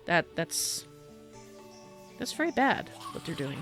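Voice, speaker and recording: A woman with a fairly low voice chats through a gaming livestream, blunt and sardonic as she airs her opinions. Her delivery is casual and unscripted, with faint game music playing underneath. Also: very animated, takes it slowly, fairly bright tone. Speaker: livestream gamer. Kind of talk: casual gameplay commentary.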